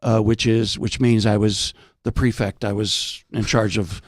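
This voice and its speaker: An older American man, a veteran actor, telling animated anecdotes in casual chat and slipping into impressions. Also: on the low side, a little slow, dry recording, clean studio sound. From United States. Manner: animated storyteller, jumps into voices. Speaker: podcast guest, veteran actor.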